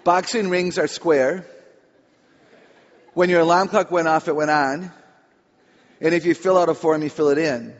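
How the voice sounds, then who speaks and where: A woman's voice: deep voice, fairly even intonation, unhurried, long pauses. Playful chatty lady giving a talk, echoey hall, kinda muffled sound. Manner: chatty, playful, audience-engaging. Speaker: author and speaker on children. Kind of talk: humorous talk to a live audience. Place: large hall with audience.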